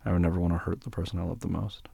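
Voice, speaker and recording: A young man speaks in a deep, husky voice with a gravelly edge, recorded dry and close. He plays a tender boyfriend role-play, reassuring and patient. His speech is soft, with little stammers and restarts. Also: level tone, rapid-fire, dry recording.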